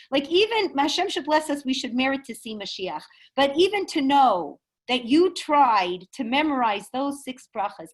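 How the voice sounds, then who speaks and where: An animated woman teaching a Torah class over a video call, her slightly high voice swinging between lively bursts and quiet, earnest stretches. She talks in a chatty, storytelling way and keeps asking her listeners rhetorical questions. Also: poor audio.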